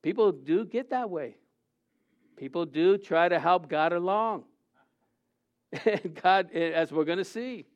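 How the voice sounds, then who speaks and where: A man preaching an informal sermon, halting often and asking rhetorical questions. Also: high-pitched, dull audio.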